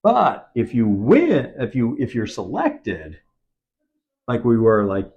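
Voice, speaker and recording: A man's voice: medium pitch, huge pitch swings, takes it slowly, darkish tone, highs cut off. A man, a film producer, talking in an on-set interview and acting out quoted dialogue as he tells his story. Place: event set.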